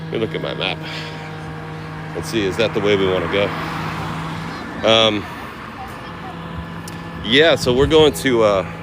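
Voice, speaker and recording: A man's voice: fairly low pitch, a little slow, long pauses. A man casually live-streaming while walking, thinking aloud about travel plans and thanking viewers by name. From United States. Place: outdoors on windy city streets. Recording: outdoor street noise. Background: wind and passing traffic.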